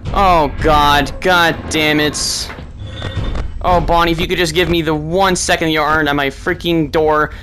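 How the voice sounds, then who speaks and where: A gaming YouTuber giving let's-play commentary, talking to themself and to game characters, swinging between frantic yelling and low muttered asides. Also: fairly even intonation, a little slow, music in the background, rough recording.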